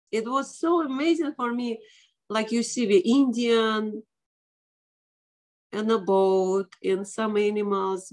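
A doctor appearing as a guest tells a dramatic personal story in casual interview talk. Her voice is on the high side, her English grammar is non-native, and she brings lively quoted voices into the telling.

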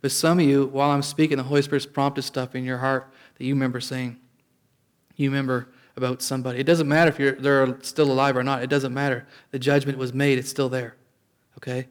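A man's voice: mid-range voice, flat delivery, fairly quick. A man preaching a sermon as pastor, in a conversational way, often restarting and calling out for an amen.

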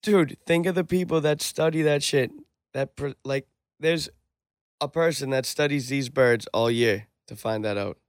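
Brief: young guy, mid pitch, animated swearing banter, dry close sound. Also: measured pace, dry recording. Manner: excitable, heavy swearing. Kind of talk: casual chat.

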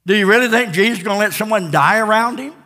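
A man's voice: sits high, fast, bright, forceful tone. A male pastor preaching a fervent sermon with repeated refrains and call-and-response, recorded in a church sanctuary. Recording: long church reverb.

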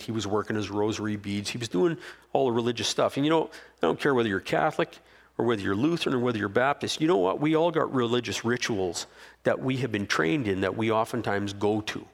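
Male pastor, mid-pitched, sermon storytelling that swells to fervent, near-shouted highs. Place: stage before a congregation.

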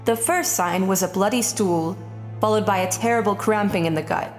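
A woman's voice: medium pitch, normal speed, soft background music, natural voice. Woman doing a serious old doctor guy, clinical, echoey hall. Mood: grave. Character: old male physician, grave and methodical. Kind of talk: audiobook reading. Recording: long hall reverb.

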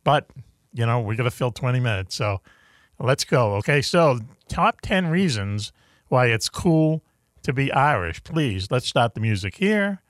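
A man's voice: medium pitch, big pitch swings, unhurried, no echo, studio quality. A man hosting a casual radio chat, joking and laughing as he leads a countdown list. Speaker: host.

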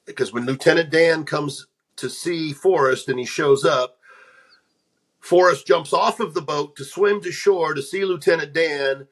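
A man's voice: a little high, a little slow, a bit bright, breathy edge. A middle-aged man co-hosting a casual podcast, blunt and jokey in a plain-spoken way. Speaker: podcast co-host.

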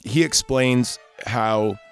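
A man's voice: mid-range voice, drawn-out words, clean tone, soft background music. Rambling man recapping a film. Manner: rambling, loose, self-correcting. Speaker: podcast host. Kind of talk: casual solo film recap.

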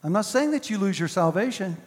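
A male pastor delivering a sermon, with emphatic repetition and slow, drawn-out stresses. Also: high voice, lively intonation, long reverb tail.

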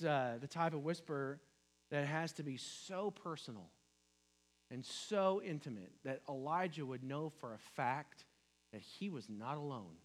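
A man delivers a sermon in an easygoing, conversational manner. His voice sits fairly high, he keeps tossing "right?" at his listeners, and at times he drops to a hushed whisper to act out a line. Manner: conversational, with frequent "right?" asides; acts out dramatic whispered lines as God. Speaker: preacher.

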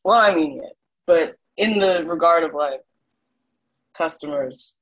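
A woman's voice: sits low, measured pace. A woman in casual chat, laid-back and wry, heard through a dull lo-fi recording.

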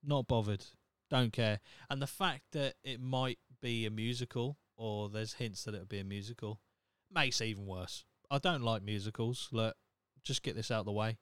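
Young guy ranting on his podcast, swears a lot, smooth clear voice, dry close sound. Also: fairly low pitch, normal speed, hardly any pauses, fairly bright tone, no echo. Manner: blunt, sweary, opinionated. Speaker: podcast host. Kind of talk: casual solo podcast rant.

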